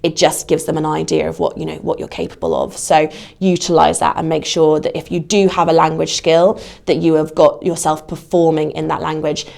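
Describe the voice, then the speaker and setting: A woman's voice: low-pitched, little pitch movement, a little fast, gravelly, a little mellow. A woman giving career advice in a podcast interview, talking conversationally with lots of "you know". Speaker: guest, casting platform adviser.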